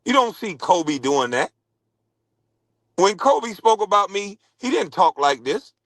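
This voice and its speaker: A former pro basketball player in a heated, scornful rant, repeating taunts at a rival. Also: male voice, high-pitched, sing-song, a little slow, fairly bright tone, no room sound, low-quality recording. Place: podcast studio.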